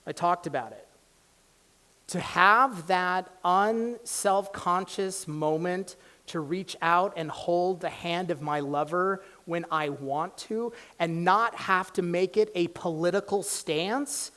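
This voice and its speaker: A man, a college professor, giving an impassioned public lecture in a campus hall, swinging from loud exhortation to hushed storytelling. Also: high-pitched, expressive, a little slow.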